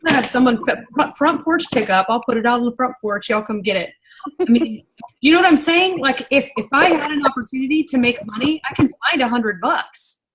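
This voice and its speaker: A young adult woman leading a business team meeting in a casual, animated, rambling way, getting worked up and talking fast when excited. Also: high voice, a little hiss or hum, low-quality recording. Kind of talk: casual motivational training talk.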